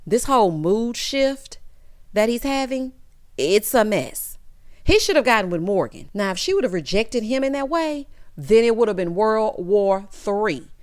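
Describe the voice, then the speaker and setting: A woman's voice: mid-range voice, normal speed. A woman giving a sassy, casual recap of a reality show, mimicking the cast as she goes. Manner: sassy, animated, quotes cast members in mock voices.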